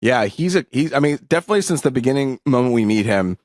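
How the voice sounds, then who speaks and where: Relaxed rambling man, podcast co-host. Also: mid-range voice, fast talker, dry recording, clean studio sound. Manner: relaxed, rambling, many fillers. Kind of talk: casual chat.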